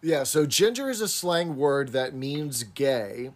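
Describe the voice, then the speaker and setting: A man co-hosting a podcast in casual chat, recapping scenes with animated delivery. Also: medium pitch, slow pace. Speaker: podcast co-host.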